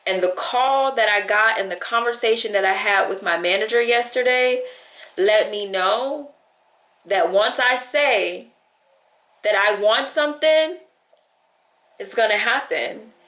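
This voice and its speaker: A woman's voice: medium pitch, measured pace, a bit bright. Woman vlogging, all heartfelt and teary, chatty, says like a lot, echoey room. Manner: tearful and heartfelt, close to crying; chatty, lots of "like" and quoting herself. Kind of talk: emotional talk to camera.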